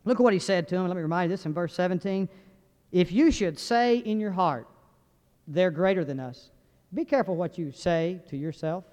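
A man with a high, slightly mellow voice preaches fairly quickly, keeping things folksy and funny while peppering the congregation with questions. The recording is dull and echoes with long hall reverb.

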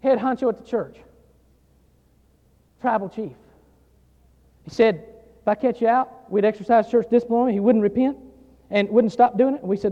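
High-voiced preacher man in an echoing hall. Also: moderate pace, pauses often. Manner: emphatic preaching, repeating phrases, swelling louder on key lines. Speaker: pastor. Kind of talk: sermon. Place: church sanctuary. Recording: dull sound in a long reverberant hall.

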